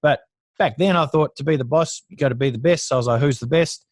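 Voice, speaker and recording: A man's voice: medium pitch, fast talker, no room sound. An Australian man in his thirties, a podcast guest, telling stories from his past in a blunt, profane, casual way with frequent laughs. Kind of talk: casual storytelling interview.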